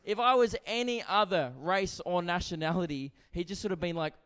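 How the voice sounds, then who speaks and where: A man's voice: high voice, brisk, a bit bright, clear, resonant tone. A young man performing a stand-up routine. He talks brashly and conversationally, often tagging lines with "right?". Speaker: stand-up comedian. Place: comedy venue stage. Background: audience laughter.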